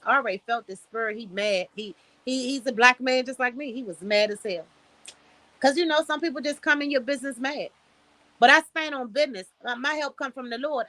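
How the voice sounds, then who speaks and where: Blunt, bright-voiced woman streamer. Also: on the high side, no room sound. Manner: blunt, profane, preachy advice with storytelling. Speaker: livestream host. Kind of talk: casual livestream talk. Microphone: streaming setup, close mic.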